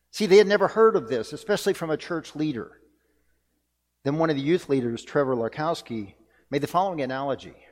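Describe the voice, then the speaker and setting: A man's voice: a little high, darkish tone. A man delivering a sermon as pastor, earnest and reflective, repeating key phrases for emphasis. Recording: long reverb of a church hall.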